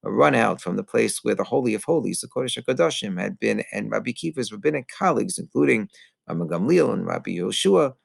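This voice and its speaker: A rabbi delivers a heartfelt sermon in a strongly gravelly male voice, leaning on fillers as he thinks aloud. The recording is dry and close, with no room sound. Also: fairly low pitch, animated, fast, dry recording. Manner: earnest teaching with frequent fillers and Hebrew terms. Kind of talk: Tisha B'Av sermon.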